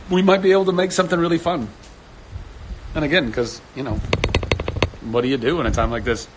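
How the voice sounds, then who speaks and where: A man in his thirties hosting a casual live stream from home, chatting with viewers, animated and laughing often. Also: slight background noise, rough recording. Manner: animated, laughs often, jumps to sudden high exclamations. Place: home studio indoors.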